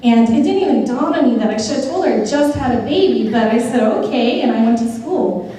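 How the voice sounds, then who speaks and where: A middle-aged woman with a fairly high, mellow voice delivers a grateful speech at a ceremony. She sounds heartfelt, with touches of humor in her stories. The sound is roomy and distant, with a long echo from a big hall. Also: animated, fast, a little hiss or hum. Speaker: newly appointed judge giving a thank-you speech. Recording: echoey hall, picked up from afar.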